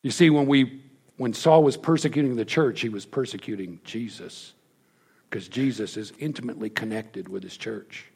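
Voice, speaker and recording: Gravelly-voiced male preacher. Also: moderate pace. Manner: emphatic storytelling, drops to hushed lows. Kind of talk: sermon.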